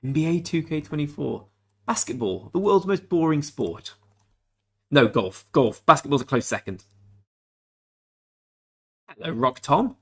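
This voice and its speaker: A man's voice: a little high, animated, a little slow, long pauses, fairly bright tone. A laid-back young Englishman streaming a game and chatting with viewers in a jokey, easygoing way. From England. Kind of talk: casual livestream chat with viewers.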